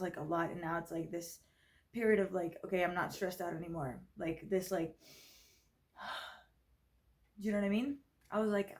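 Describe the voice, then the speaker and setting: A young woman in her twenties talks through a personal story in a casual vlog. She sounds tired and rambles, stacking up fillers and correcting herself mid-sentence. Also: medium pitch. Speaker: vlogger. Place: grandmother's house.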